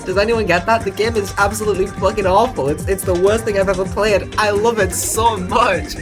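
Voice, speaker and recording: Woman streamer, gushing and excitable, cusses and laughs, mid-pitched, loud game music behind. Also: a little fast. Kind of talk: live gameplay commentary.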